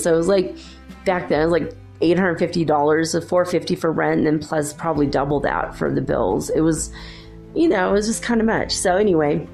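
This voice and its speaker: A middle-aged woman tells a personal spiritual story in a casual, animated way, laughing often and acting out her own panic. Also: medium pitch. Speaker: spiritual podcast host.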